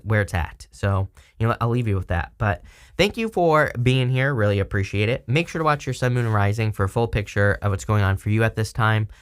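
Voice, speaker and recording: A man giving a casual tarot reading, rambling and chatty with lots of fillers. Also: on the low side. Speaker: tarot reader.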